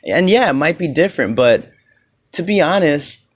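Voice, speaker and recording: A man's voice: fairly high pitch, animated, moderate pace, husky. La guy rambling on his solo podcast, casual, lots of "you know"s. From Los Angeles. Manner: rambling, loose, many "you know" fillers. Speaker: podcast host.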